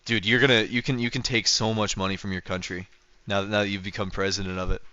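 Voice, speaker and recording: A man's voice: fairly low pitch, flat delivery, fast, sharp tone, highs cut off. A man from North America chatting casually on a livestream, rambling with lots of fillers and restarts. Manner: rambling, full of fillers and restarts, chuckling often. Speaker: streamer.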